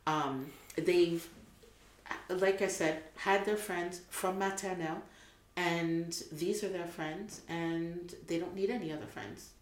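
A woman's voice: on the low side, steady tone, slow. Chatty American woman in an echoey room. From United States. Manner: chatty, many ums, laughs often. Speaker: guest. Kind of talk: casual conversation.

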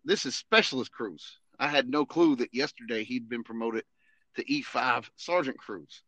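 A man, an Army veteran and podcast host, telling a casual, animated story full of swearing and "you know what I mean". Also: mid-range voice, moderate pace, no room sound.

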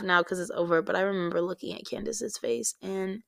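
A young adult woman hosting a faith-themed podcast, telling a personal story in a candid, animated way with many fillers. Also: fairly low pitch, fairly quick, gravelly, hardly any pauses, no echo. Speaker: podcast host.

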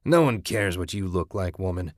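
A man's voice: low voice, animated, normal speed, no room sound, clean studio sound. A man voicing a scruffy male squatter who grumbles, cackles and sneers. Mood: mocking. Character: gruff scruffy male squatter, mocking and territorial.

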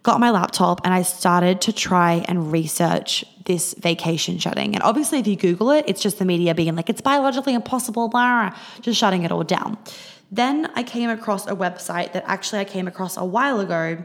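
A woman's voice: on the low side, a little fast. A young Australian woman hosting a podcast, telling a rambling story in a casual way, swearing freely and using lots of fillers. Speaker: podcast host.

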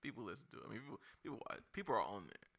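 A man's voice: on the low side, big pitch swings, racing, vocal fry, a bit bright. A man hosting a casual podcast chat, blunt and teasing, swearing often. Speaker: podcast host.

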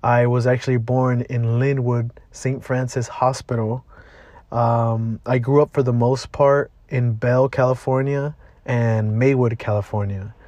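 A man's voice: medium pitch, level tone, measured pace, mellow, no room sound, muffled recording. Blunt, profane young man. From Southeast Los Angeles. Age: 20s. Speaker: podcast host. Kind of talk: casual motivational monologue.

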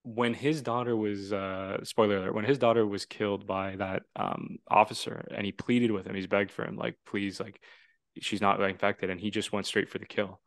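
A man hosting a podcast over a video call, chatting excitedly and casually, swearing now and then and trailing into fillers. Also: on the low side, fairly quick, few pauses, no room sound. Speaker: podcast host. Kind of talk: casual chat.

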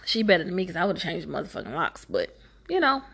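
A slightly low-voiced woman tells a film's plot in a loose, profane chat. She swings from flat storytelling into loud, high-pitched bursts of outrage. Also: fast talker, creaky. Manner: animated, profane, jumps into high exclaiming outbursts. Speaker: movie recapper. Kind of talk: casual profane movie recap.

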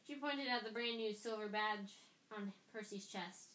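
A woman's voice: medium pitch, steady tone, measured pace, a bit bright. A woman reading a story aloud, stumbling and restarting lines as she goes. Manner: reads with frequent stumbles and restarts. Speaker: reader. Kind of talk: amateur audiobook reading. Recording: echoey room with faint noise.

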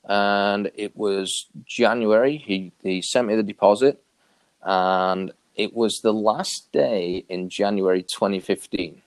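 A man telling a personal story as an interview guest in casual talk, acting out quoted dialogue with sudden high jumps in his voice. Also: slow pace, no room sound. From New York area. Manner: animated, acts out quoted dialogue with big pitch jumps.

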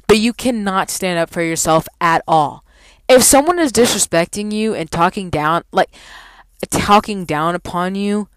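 A woman's voice: on the low side, clean tone, rough recording. A young woman telling a story about her job in a casual, profane, exasperated rant. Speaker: vlogger.

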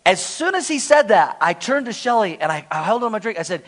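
Animated, high-voiced storytelling pastor. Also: male voice, normal speed, hardly any pauses. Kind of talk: sermon.

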